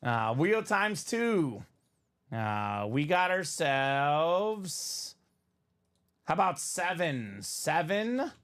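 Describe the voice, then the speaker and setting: Male live-stream host, fairly high voice, upbeat chatter, reads out chat names and picks. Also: very animated, drawn-out words, fairly bright tone. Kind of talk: live stream banter and play-by-play.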